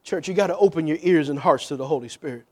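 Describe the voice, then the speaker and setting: High-pitched preacher man, goes quiet then shouts, lots of "come on somebody" call and response. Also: fast talker, husky. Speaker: pastor. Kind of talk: sermon.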